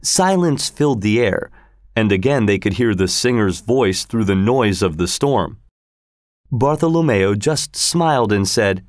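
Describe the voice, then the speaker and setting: A male narrator reads a dark tale aloud at an unhurried pace. His pitch moves widely through each sentence, giving the reading an expressive lilt. The recording is dry and close, with no room sound. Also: no room sound. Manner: slow, expressive storytelling. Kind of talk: scripted audiobook narration.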